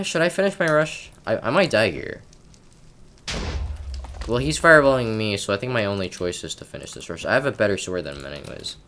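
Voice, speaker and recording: A man with a deep, low voice chats casually over his gameplay, rambling from one thought to the next and tripping over repeated words. He pokes fun at himself as he goes, and faint keyboard clicks tick along under his voice. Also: a bit bright, a little hiss or hum. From Canada. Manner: rambling, stammering with frequent word repeats; self-mocking and chatty. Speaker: gaming commentator.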